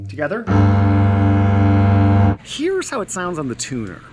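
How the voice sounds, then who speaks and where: A double bass teacher giving an encouraging, step-by-step demo lesson, with bass notes played between phrases. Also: wildly swooping pitch, a little slow, over loud music. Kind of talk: instructional demo with playing.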